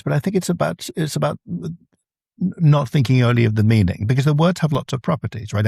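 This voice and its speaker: A man's voice: lowish voice, vocal fry, mellow, husky, no echo, studio quality. A man, a translator, explaining his craft in a podcast interview, thoughtful and full of examples. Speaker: translator guest.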